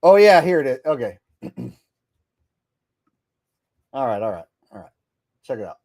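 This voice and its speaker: A man's voice: medium pitch, big pitch swings, unhurried, darkish tone, dry recording, clean studio sound. A man hosting a live stream, ranting bluntly and casually with plenty of swearing. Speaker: streamer host.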